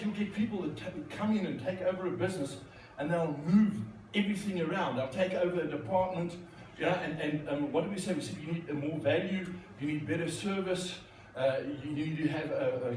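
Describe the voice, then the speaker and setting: A man's voice: fairly high pitch, fairly quick, darkish tone, slight background noise. A man giving a joking keynote talk with magic tricks at a conference, teasing the audience. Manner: joking, playful, talks to the crowd. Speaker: corporate speaker and magician. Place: large conference hall. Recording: echoey hall, mic from a distance.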